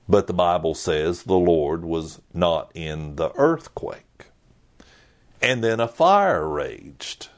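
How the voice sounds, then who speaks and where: A middle-aged man preaching a sermon as a pastor, earnest and emphatic with dramatic pauses. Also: low voice, darkish tone.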